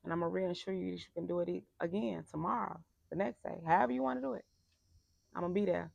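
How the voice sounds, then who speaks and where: A woman life coach giving a passionate motivational talk, emphatic and turning loud and animated when making a point. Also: on the low side, fast talker, creaky, no echo.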